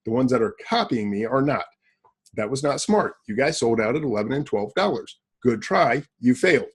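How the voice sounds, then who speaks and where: A man's voice: medium pitch, lively intonation, a little fast, husky. A man hosting a casual business podcast, talking bluntly and boastfully and answering his own rhetorical questions. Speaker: podcast host.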